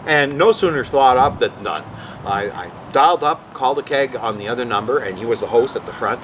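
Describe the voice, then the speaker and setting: Over a noisy background, a man hosting a casual vlog speaks fairly quickly at medium pitch. He rambles through animated anecdotes, frequently acting out what other people said in their voices.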